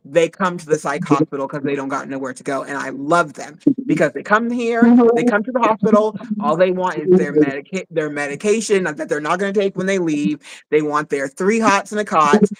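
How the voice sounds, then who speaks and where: Man, higher register, casual guest in a live talk, excited, halting, lots of restarts. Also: a crowd in the background, poor audio. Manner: excited, halting, repeats words while thinking. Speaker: psych nurse guest.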